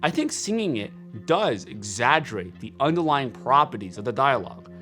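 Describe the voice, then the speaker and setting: Young male filmmaker, scripted explainer read, animated pitch, faint music bed. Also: normal speed. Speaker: filmmaker sharing screenwriting tips.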